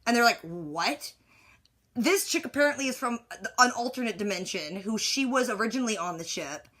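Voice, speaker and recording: A woman with a slightly high voice rants casually about a movie, rambling and exasperated. She fills her talk with "like" and restarts as she piles up complaints. Her own side of a phone call is recorded on a device. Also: animated, moderate pace, a bit bright. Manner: exasperated, rambling, heavy use of "like". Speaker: movie recap vlogger. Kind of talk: casual ranting movie recap.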